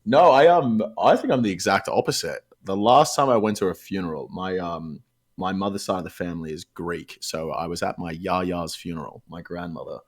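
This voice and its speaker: Deep-voiced man telling laid-back stories. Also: normal speed. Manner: laid-back, swears casually, rambling storytelling. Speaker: podcast guest. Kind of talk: casual podcast chat.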